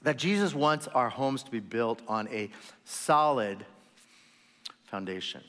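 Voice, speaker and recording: A man preaching a sermon in a lively storytelling manner, acting out quoted voices with sudden loud bursts and quiet asides. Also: medium pitch, a little slow, big-room sound. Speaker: pastor.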